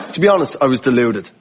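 A man's voice: medium pitch, background noise. A man from Dublin, a comedian telling a comic anecdote on a panel show and acting out the voices. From Dublin, Ireland. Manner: animated storytelling, acts out voices. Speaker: comedian guest. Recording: lo-fi broadcast with loud audience laughter.

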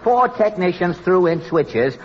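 Dry wordy guy hosting an old radio comedy, kinda high, faint hiss. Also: animated, measured pace. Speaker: comedy show host. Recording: dull old radio broadcast recording.

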